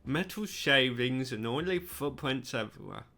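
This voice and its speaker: A man's voice: mid-range voice, lively intonation, normal speed, gravelly, sharp tone. A man voicing a chatty, evasive male janitor while reading game dialogue aloud. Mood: explaining.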